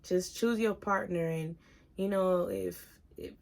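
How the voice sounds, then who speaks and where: A woman in her thirties talking openly in a personal vlog, earnest and halting, at times giving direct advice to viewers. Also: fairly low pitch. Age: 30s. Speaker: single mom vlogger.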